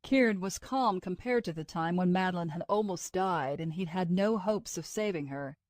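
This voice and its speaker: This is scripted audiobook narration by a woman whose pitch is fairly low. She reads steadily and with measure, and the studio-quality recording is dry.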